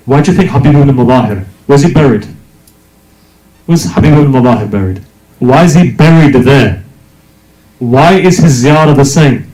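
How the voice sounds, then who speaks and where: A man's voice: medium pitch, moderate pace, mellow. A man preaching a religious sermon, speaking emphatically and asking rhetorical questions. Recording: echoey hall.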